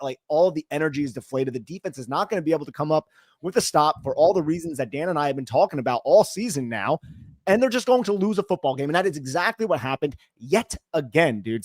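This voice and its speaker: A man's voice: on the high side, dry recording, clean studio sound. A man co-hosting a sports podcast, ranting in a frustrated, emphatic way. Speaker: podcast co-host.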